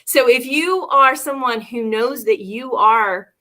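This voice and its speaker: Bright, chatty woman hosting a livestream. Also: fairly high pitch, slow pace. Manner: chatty, laughs often, addresses viewers directly. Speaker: co-host. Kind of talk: casual livestream talk.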